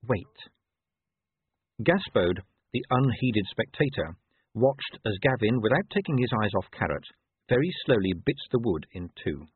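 Lively male audiobook narrator, tinny sound. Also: on the low side, moderate pace, husky, no room sound. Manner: lively, expressive storytelling. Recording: tinny lo-fi dry recording.

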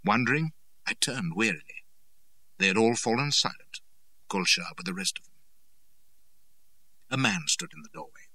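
A man narrating a first-person adventure story, expressive and dramatic. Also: fairly low pitch, normal speed, pauses often, husky, dry recording. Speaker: audiobook narrator.

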